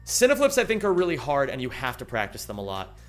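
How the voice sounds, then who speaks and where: A man's voice: mid-range voice, sing-song, fast, fairly bright tone, faint music behind. A young man live-streaming a game, chatting casually, thanking viewers and swearing freely as he rambles. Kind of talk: casual live-stream chat while gaming.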